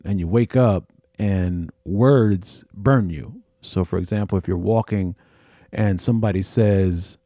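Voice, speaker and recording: A man hosting a podcast, recounting his own experiences in a halting, repetitive, earnest monologue. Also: deep voice, warm tone, no room sound, studio quality. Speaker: podcast host. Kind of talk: personal storytelling monologue.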